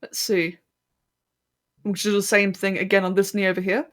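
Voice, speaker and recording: A woman's voice: medium pitch, flat delivery, moderate pace. A woman from London with an English accent, chatting casually on a live stream while she works on a 3D model, laughing often and tripping over her words. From London, England. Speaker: streamer and 3D artist.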